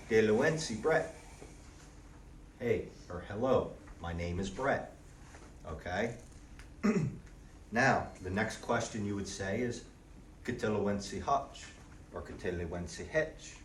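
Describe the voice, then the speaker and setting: A man teaching a language class in a relaxed way, often checking in with the students by asking "okay?". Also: lowish voice, a little hiss or hum. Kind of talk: classroom lesson. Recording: roomy, distant audio with faint background ambience.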